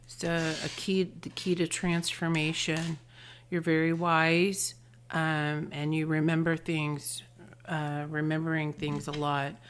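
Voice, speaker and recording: A woman giving an intuitive tarot and charm reading, gentle and affectionate, often trailing off into soft murmurs. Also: low-pitched, flat delivery, slow pace, slight background noise. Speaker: tarot reader and channeler.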